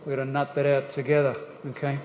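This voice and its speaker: A man's voice: medium pitch, fast talker, slight background noise. Jokey man in a church hall. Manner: jokey, lively, addresses the audience directly with questions. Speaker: guest speaker on family life. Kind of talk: church seminar talk. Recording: echoey church hall, faint ambience.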